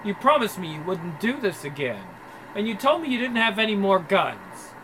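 A man's voice: sits high, very animated, normal speed, a bit bright, a little hiss or hum. A man voicing a worried, scolding churchgoing wife. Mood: alarmed. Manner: scolding, fretful.

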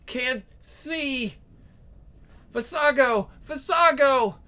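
A woman's voice: high voice, drawn-out words, pushed and bright, voice pushed up, full character voice. A woman doing a desperate warrior queen of the dead. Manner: tense, urgent battle cries and anxious inner thoughts. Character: fierce, proud queen of the dead, strained in battle. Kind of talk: comic book read-aloud.

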